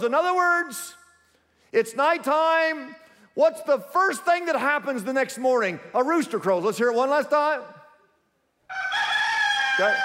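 Male pastor, high voice, emphatic sermon, calls for responses, long church reverb. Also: sing-song, normal speed, fairly bright tone. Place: large church auditorium.

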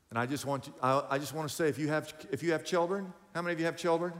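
A man's voice: fairly high pitch, racing, few pauses, big-room sound. A man preaching a sermon as pastor, talking straight to his congregation, asking them questions and telling them to write points down. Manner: animated preaching with call-outs to the congregation.

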